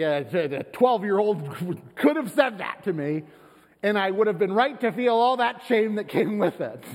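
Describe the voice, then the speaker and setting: Pastor, male, lively storyteller, slightly high voice, long church reverb. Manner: conversational, animated storytelling with laughs. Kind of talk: sermon with personal story. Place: church sanctuary.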